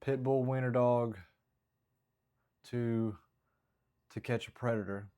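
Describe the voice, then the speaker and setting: A man talks through his stand-up drafts in a relaxed vlog style. He rambles with frequent restarts and self-critical asides. His voice sits at an ordinary male pitch. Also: takes it slowly, clear, resonant tone. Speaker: stand-up comedian. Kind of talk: casual vlog, working through stand-up material.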